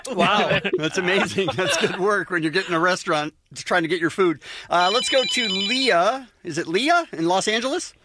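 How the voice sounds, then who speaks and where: High-voiced man hosting a radio show. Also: heavy background noise. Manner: brisk, takes calls and moves things on. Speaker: radio host. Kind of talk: morning radio call-in show. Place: radio studio.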